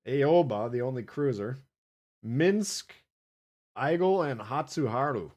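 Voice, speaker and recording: A man's voice: mid-range voice, lively intonation, takes it slowly, a little mellow, dull audio. A man streaming live gameplay, chatting casually with viewers, swearing and laughing as he plays.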